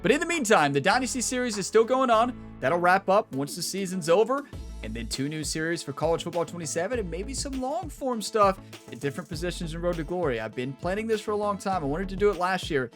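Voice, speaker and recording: A chatty man hosting a gaming channel, talking casually and rambling while wrapping up a series. His voice sits a bit higher than most men's, he laughs often, and he swings between excited and subdued, with soft music in the background. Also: quick pace. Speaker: gaming YouTuber host.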